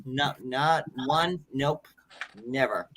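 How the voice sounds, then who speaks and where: Bright-voiced man, heated and blunt. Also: medium pitch, slow. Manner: heated and blunt, with profanity and repetition. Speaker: live stream host. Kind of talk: casual chat, retelling an argument.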